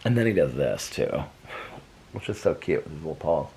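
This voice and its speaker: A man's voice: a bass voice, very animated, normal speed, creaky, dark tone, a little hiss or hum. An American man vlogging at home in a rambling, chatty way, talking to his dog. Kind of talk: casual chat. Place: home, indoors. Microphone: camera.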